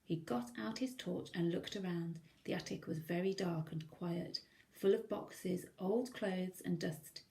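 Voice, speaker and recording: A woman teacher reading a picture book aloud to young children, gently pointing out the pictures. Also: on the low side, measured pace, creaky. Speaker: primary school teacher.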